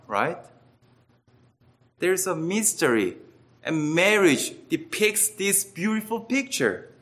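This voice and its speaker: Slow, bright-voiced man preaching. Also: on the high side. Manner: earnest, emphatic, with wide swings between loud and quiet. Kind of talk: sermon.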